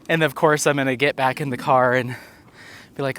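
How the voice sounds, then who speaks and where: A man's voice: mid-range voice, steady tone, normal speed, fairly bright tone. A man vlogging while out on a walk, chatting casually and rambling, a little out of breath. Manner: chatty, rambling, filler-heavy. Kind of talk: casual chat while walking. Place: outdoors on a walk.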